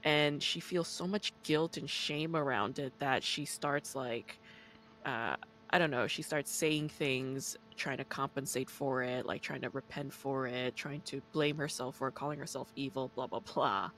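Bright-voiced woman host, reflective. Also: very deep voice, fairly even intonation, a little slow, slight background noise, low-quality recording. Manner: reflective, explains ideas, encouraging. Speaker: podcast host. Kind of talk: casual podcast chat.

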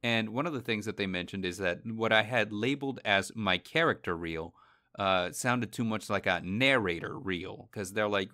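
A man's voice: fairly low pitch, normal speed, pushed and bright, no room sound, clean studio sound. A man co-hosting a casual podcast, rambling with many fillers and laughing easily. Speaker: podcast co-host. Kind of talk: casual chat.

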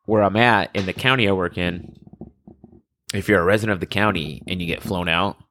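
A young man with a fairly low voice tells paramedic work stories in relaxed chat. He acts out the people in them with lively quoted voices. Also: brisk, slight background noise. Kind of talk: casual chat.

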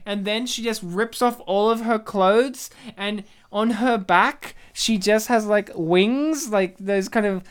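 A man hosting a podcast in rapid, rambling, joking casual chat. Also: sits high, clean tone. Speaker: podcast host.

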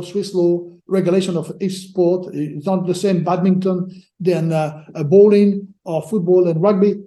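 With a steady tone, a high-voiced man with a dark timbre answers podcast interview questions as a sports lawyer guest. He halts and repeats words while searching for how to phrase things, and the room echo is audible.

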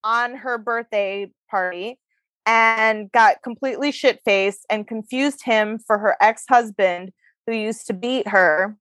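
A woman's voice: a little high, takes it slowly, a bit bright, no echo. A woman co-hosting a podcast, telling a long story in a chatty, swearing, laughing way. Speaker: podcast co-host. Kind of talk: casual chat.

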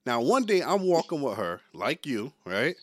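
A man in his forties co-hosting a podcast, telling a story with lively quoted voices in casual banter. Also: mid-range voice, normal speed, dry recording, studio quality. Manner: animated storyteller, acts out quotes loudly. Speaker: podcast co-host.

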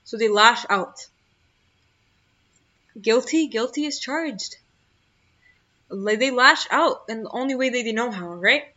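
A woman's voice: on the high side, animated, takes it slowly, long pauses, sharp tone, muffled recording. A young woman hosting a solo motivational podcast, talking earnestly and emphatically, often repeating her key phrases. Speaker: podcast host.

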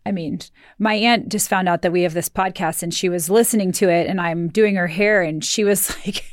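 A woman's voice: lowish voice, fairly even intonation, moderate pace, no echo, studio quality. A middle-aged woman co-hosting a podcast, telling stories in a chatty way and laughing often. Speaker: podcast co-host. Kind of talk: casual chat.

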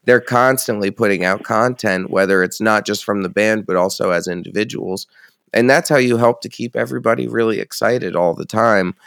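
Laid-back low-voiced man talking shop. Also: fairly quick, creaky, fairly bright tone, no room sound, clean studio sound. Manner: enthusiastic, swears freely, rambling. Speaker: founder of a music feature site. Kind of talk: casual podcast chat.

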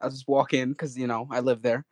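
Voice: medium pitch, level tone, fairly quick. A tabletop game player, speaking playfully and in character.

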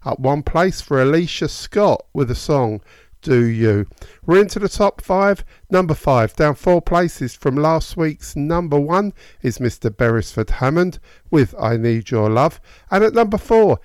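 A man's voice: a little high, no echo, studio quality. Man presenting a reggae radio chart.

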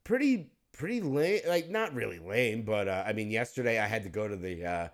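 A man's voice: fairly low pitch, expressive, brisk, a bit bright. A man co-hosting a podcast in casual chat, a rambling storyteller who laughs and curses freely. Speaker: podcast co-host.

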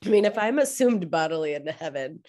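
Young woman, lowish voice, lively melody, wry easygoing podcast chat. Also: quick pace. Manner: wry, laughs often, easygoing. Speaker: podcast co-host. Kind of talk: casual chat.

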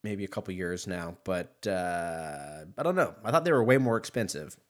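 Man, podcast host, fairly low voice, loose profane rambling, casual solo chat. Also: animated, normal speed. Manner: rambling, profane, laughs at his own jokes.

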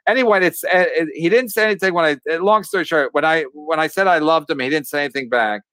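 A man telling a rambling story on a podcast, full of restarts, fillers and pauses. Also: a little high, bright, forceful tone, no echo. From Irish.

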